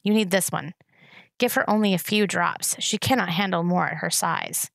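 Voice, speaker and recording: A woman's voice: fairly low pitch, moderate pace, vocal fry, a bit bright, no echo, studio quality. A woman reading aloud the lines of a hardened giant male rat in a storybook, with blunt, commanding instructions. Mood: stern.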